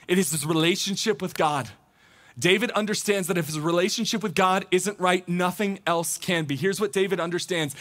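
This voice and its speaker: Young male pastor, high voice, chatty animated sermon delivery. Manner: conversational, animated, acts out quoted thoughts. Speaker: teaching pastor.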